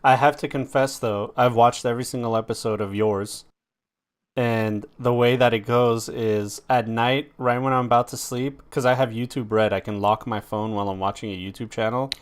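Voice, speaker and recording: A man's voice: medium pitch, fairly even intonation, normal speed, clear, resonant tone. A man hosting a podcast, chatting casually and rambling with lots of filler words and the odd swear. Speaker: podcast host. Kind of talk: casual chat.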